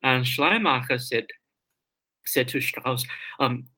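A man's voice: mid-range voice, slow, sharp tone, low-quality recording. A man being interviewed as a guest scholar, talking hesitantly with many ums and repeated words. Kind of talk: interview discussion.

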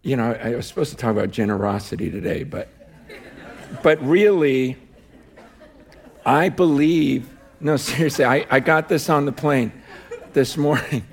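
A man preaching a sermon as a guest, animated and conversational, often saying "like" and laughing. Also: mid-range voice, moderate pace, pauses often, a faint crowd.

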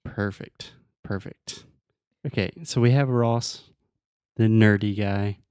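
A man's voice: lowish voice, fairly even intonation, takes it slowly, a little mellow, clean tone, no room sound, clean studio sound. A man co-hosting a podcast as an English teacher, patiently explaining words and drilling pronunciation in casual chat.

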